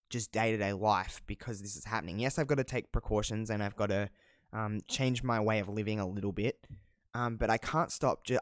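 A man's voice: mid-range voice, clear, resonant tone, dry recording, clean studio sound. A man in his twenties with an Australian accent, hosting a casual solo podcast in a rambling, candid way, with slang and the odd swear word. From South Australia. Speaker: podcast host.

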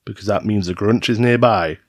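A man's voice: fairly low pitch, fairly quick, no room sound. A man hosting a podcast, reading urban legends from a script in a teasing, storytelling manner. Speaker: podcast host. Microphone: studio mic.

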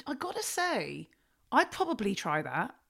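A woman's voice: on the high side, huge pitch swings, measured pace, vocal fry, a bit bright. A woman hosting a podcast, reacting readily and laughing in casual chat. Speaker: podcast host.

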